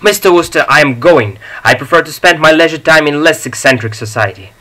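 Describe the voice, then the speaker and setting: A man's voice: a little high, animated, fairly quick, bright, forceful tone, low-quality recording. A man voicing a pompous elderly male nerve specialist in an audiobook, formal and indignant. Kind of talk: audiobook reading.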